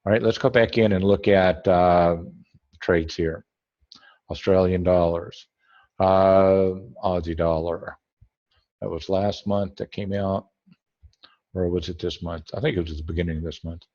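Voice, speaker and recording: A man's voice: low voice, steady tone, unhurried, long pauses, a little mellow, dull audio. A man teaching a trading webinar over a screen share, rambling and correcting himself as he thinks aloud.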